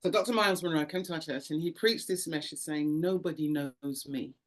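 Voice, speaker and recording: Brief: low-pitched woman, interview guest, animated testimony with acted-out voices. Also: fairly quick. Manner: animated storyteller, acts out voices, frequent repetitions. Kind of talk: emotional testimony.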